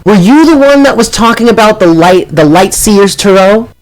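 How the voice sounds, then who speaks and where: Chatty, fairly high-voiced man streaming live. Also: lively intonation, moderate pace. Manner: chatty, self-deprecating, exclaims often. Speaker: tarot reader and channel host. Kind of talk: casual live-stream chat.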